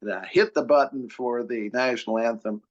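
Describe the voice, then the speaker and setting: An older man, a retired radio newscaster, hosting a podcast in a relaxed, conversational way. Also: mid-range voice, moderate pace. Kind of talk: casual chat. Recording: dull lo-fi sound.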